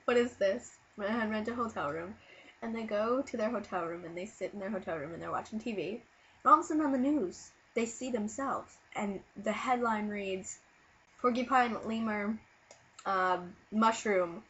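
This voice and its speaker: Sick woman vlogger, mid-range voice, rambling and animated, dull webcam audio. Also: mid-range voice, a little fast, slightly rough. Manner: silly, animated, with sudden loud bursts. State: sick, low on energy. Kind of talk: casual rambling storytelling to camera.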